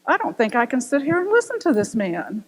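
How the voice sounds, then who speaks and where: A woman's voice: on the high side, huge pitch swings, brisk, a little hiss or hum. A woman voicing a prim female minister who reacts in a flustered, exclaiming way. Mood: shocked. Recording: long reverb of a church hall.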